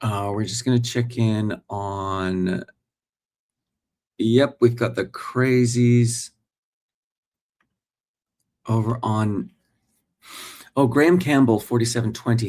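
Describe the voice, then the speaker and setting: A man's voice: medium pitch, steady tone, takes it slowly, long pauses, a little mellow. A man in his forties, a working actor, hosting a casual live morning stream and chatting straight to his viewers. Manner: chatty, talks straight to viewers and reads their comments.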